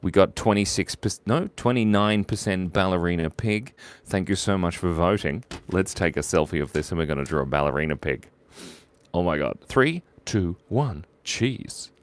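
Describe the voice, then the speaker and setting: A man's voice: sits low, lively intonation, moderate pace. A man hosting a live drawing stream, joking playfully and narrating each stroke as he draws viewers' ideas. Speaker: livestream drawing host.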